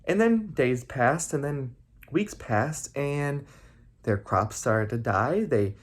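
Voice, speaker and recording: A young adult man, a camp counselor, telling a campfire story with sound effects and shouts. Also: medium pitch, animated, takes it slowly, breathy edge.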